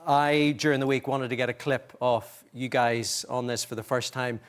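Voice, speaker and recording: A man's voice: medium pitch, fairly even intonation, moderate pace, clean tone. An Irish man hosting a studio talk show, teasing his guests and often restarting sentences. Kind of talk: studio interview. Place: TV studio with audience.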